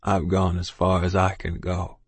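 A man reading as a frail old man on his deathbed, who pushes out slow, urgent words in a hoarse, breathy whisper. The voice sits low and sounds close and dry, with no room around it. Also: monotone, no echo, exaggerated voice. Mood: weak, urgent. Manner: slow, insistent, old-fashioned thee and thou speech. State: gasping, near death. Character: dying older Quaker man, weak, urgent. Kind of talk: audiobook character voice.

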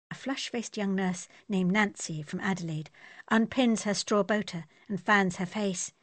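A woman narrating an audiobook in a steady, descriptive manner. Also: lowish voice, moderate pace, dry recording.

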